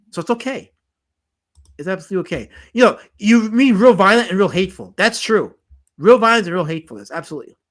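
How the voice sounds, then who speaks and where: A man with a Southern US accent hosting a casual comics live stream, animated and jokey, repeating himself as he reads the chat aloud. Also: high-pitched.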